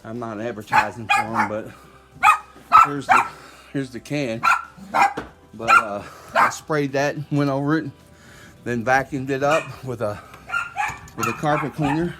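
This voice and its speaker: A man's voice: medium pitch, measured pace, pauses often, heavy background noise. A man walking through his home while filming, talking in a rambling, conversational way and repeating himself. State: short of breath at times. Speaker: homeowner vlogger. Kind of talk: casual walkthrough video. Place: inside his house and outside in the yard.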